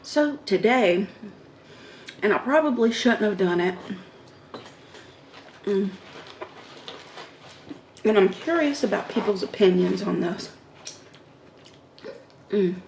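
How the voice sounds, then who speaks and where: Slow-talking woman on an eating show. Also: mid-range voice, vocal fry. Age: middle-aged. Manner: slow, relaxed talk between bites with soft murmurs of approval. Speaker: mukbang vlogger. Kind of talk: casual eating-show chat. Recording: echoey room with faint background noise.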